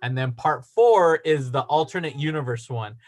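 A man's voice: mid-range voice, moderate pace. A man co-hosting a podcast, talking in casual chat and rambling with many restarts while he reads facts aloud. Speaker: podcast co-host.

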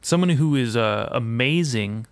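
A man's voice: medium pitch, expressive, a little slow, smooth, no room sound. A man ranting in a rambling, foul-mouthed monologue as a podcast host, mixing indignation with self-deprecating asides. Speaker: podcast host and aspiring comedian.

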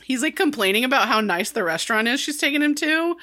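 A woman's voice: high-pitched, expressive, fast talker, bright, forceful tone. A woman in her thirties co-hosting a casual chat, talkative, swearing freely and laughing often. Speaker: podcast co-host.

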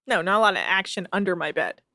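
A woman's voice: fairly low pitch, bright, forceful tone, no room sound, clean studio sound. A woman co-hosting a podcast, recapping a reality show in casual, sarcastic, swearing chat. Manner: sarcastic, quick, swears freely. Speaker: podcast co-host.

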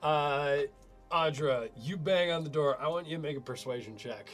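A man's voice: a little high, normal speed, soft background music. Rambling male game master. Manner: rambling, filler-heavy narration. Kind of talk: narrating a tabletop game.

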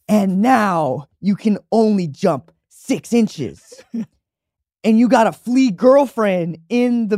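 Guy doing a loud preachy motivational speaker dude, pitched up high, dry mic. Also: dry recording, exaggerated voice. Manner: loud, preachy, dramatic storytelling. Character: middle-aged male TV host giving a motivational speech, booming.

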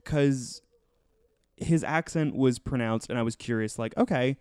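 A man's voice: mid-range voice, measured pace, a little mellow, clear, resonant tone, dry recording. A man hosting a podcast, chatting casually and rambling with many fillers as he reviews a TV show. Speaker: podcast host.

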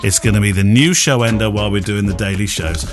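A man's voice: on the low side, fast, faint music behind. A man co-hosting a podcast, chatting casually and reading quiz questions and listener mail with joking asides. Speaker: podcast co-host.

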